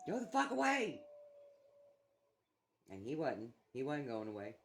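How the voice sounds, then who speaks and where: A woman's voice: a bass voice, wildly swooping pitch, a little slow, a little hiss or hum. A middle-aged woman chatting casually, a blunt, profane storyteller who swears freely. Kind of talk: casual chat.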